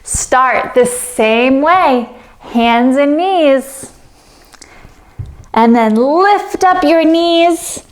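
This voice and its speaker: A woman leading a children's yoga story, giving slow, soothing instructions with playful animal sounds. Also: sits high, lively intonation. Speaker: kids yoga teacher.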